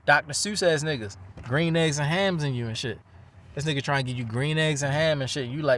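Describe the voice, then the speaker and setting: A man, ranting in a profane, rambling, animated monologue. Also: a little high, brisk, slight background noise.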